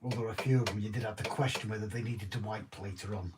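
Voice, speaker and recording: A man's voice: lowish voice, steady tone, quick pace. A man co-hosting a livestream in casual, cheeky chat while he works on a model. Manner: joking, cheeky banter. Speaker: co-host of a model railway livestream. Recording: distant mic with faint noise.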